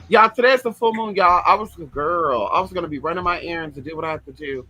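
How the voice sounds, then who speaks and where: A man's voice: a little high, fast, few pauses, bright, forceful tone, soft background music, poor audio. A man hosting a casual livestream, talking in a sassy, flamboyant way, swearing freely and reading out viewer comments.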